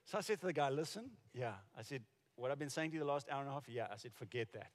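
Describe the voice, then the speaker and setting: Casting: middle-aged male pastor, mid-pitched, chatty storyteller, live church hall reverb. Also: expressive, rapid-fire, a little hiss or hum. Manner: storytelling, conversational with restarts. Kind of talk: sermon.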